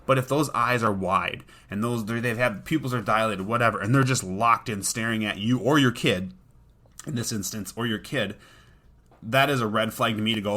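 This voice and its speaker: A man's voice: on the low side, moderate pace, pushed and bright. A man hosting a podcast about dog training, talking in an earnest, conversational way and often restarting his sentences. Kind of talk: casual podcast monologue.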